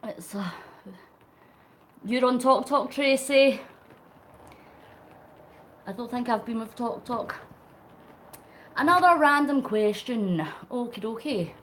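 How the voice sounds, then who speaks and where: A woman's voice: fairly high pitch, fairly bright tone, slight background noise. Chatty woman live-streaming. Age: middle-aged. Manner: chatty, laughs often, reads out viewer comments; talks while pedalling on a bike. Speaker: vlogger live-streaming to chat. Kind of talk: casual live-stream chat.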